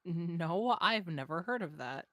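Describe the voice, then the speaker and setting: Lower-voiced woman with dry gaming banter. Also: expressive, measured pace, no room sound. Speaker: co-op gaming partner. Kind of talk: casual co-op gameplay chat.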